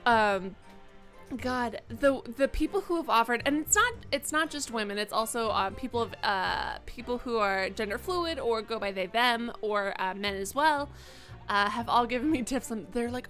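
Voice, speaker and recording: A woman's voice: on the high side, lively intonation, normal speed, a bit bright, faint music behind. A young woman livestreaming a game, chatting candidly and rambling to viewers, swearing freely, into a desk microphone. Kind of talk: casual live-stream chat while gaming.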